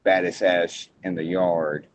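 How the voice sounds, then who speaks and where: A man hosting a casual wrestling podcast, talking in halting bursts with frequent restarts. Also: sits low, flat delivery, a little hiss or hum. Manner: halting, restarts often, hedges before points. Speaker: podcast host. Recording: muffled lo-fi podcast audio.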